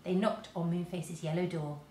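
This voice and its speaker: A woman, a teacher, reading a children's storybook aloud to her class in a lively, expressive way. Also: on the low side, normal speed. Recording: roomy echo.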